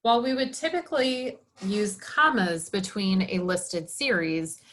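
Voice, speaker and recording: A woman instructor talks through a recorded lecture at a middle pitch. She explains patiently and evenly, now and then pausing on a filler or correcting herself. Her delivery is plain and classroom-like. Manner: explanatory, steady with occasional fillers and self-corrections. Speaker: journalism instructor.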